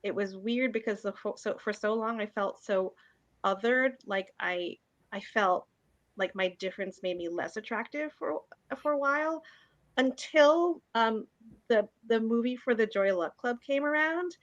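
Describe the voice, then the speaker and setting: A woman's voice: fairly high pitch, lively intonation, unhurried, no echo, dull audio. A woman from upstate New York, an author speaking casually on a panel, rambling a bit with fillers.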